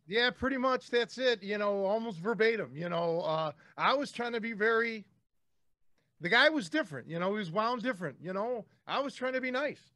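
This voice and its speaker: A man's voice: high-pitched, animated, normal speed, sharp tone, no room sound, studio quality. A man hosting a podcast, telling stories casually in a blunt way and swearing freely. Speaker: podcast host.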